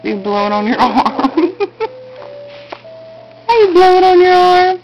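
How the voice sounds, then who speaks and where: A woman's voice: very high-pitched, expressive, measured pace, over music, rough recording. A mother talking to her baby in a home video, with coaxing, sing-song baby talk.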